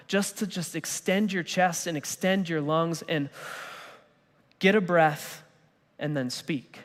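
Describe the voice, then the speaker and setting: A man preaching a sermon as pastor, in a lively, conversational way with casual slang. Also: a little high, takes it slowly. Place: church auditorium. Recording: church hall reverb.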